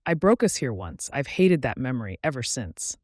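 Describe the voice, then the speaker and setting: A man voicing a devoted young former football player, speaking low, earnest and tender in an audiobook. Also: big pitch swings, normal speed, dry recording, studio quality, natural voice.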